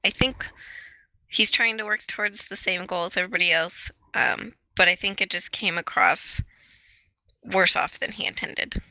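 A woman guest on a podcast panel, measured and a bit hesitant, with many fillers. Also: fairly low pitch, vocal fry, sharp tone, dry recording, low-quality recording. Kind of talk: casual panel chat.

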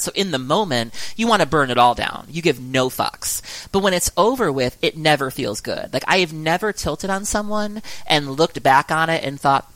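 A candid podcast host with a dry recording and no room sound. The host speaks reflectively and openly, with casual swearing and a steady stream of "you know". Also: medium pitch, no echo, rough recording. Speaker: podcast host, card game player.

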